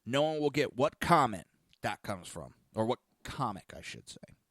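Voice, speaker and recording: Crude outspoken guy ranting on his podcast, bright forceful voice, dry close mic. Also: big pitch swings, moderate pace, dry recording. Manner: blunt and crude, swings from loud rants to low asides. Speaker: podcast host. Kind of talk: opinionated talk show monologue.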